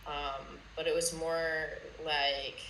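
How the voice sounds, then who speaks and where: A young woman talking casually and bluntly, with a bright, sharp voice. The room sounds echoey, and faint noise runs under her. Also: sits low, little pitch movement, takes it slowly. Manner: chill, blunt, swears casually, says 'bro'. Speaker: podcast guest. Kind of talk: casual chat.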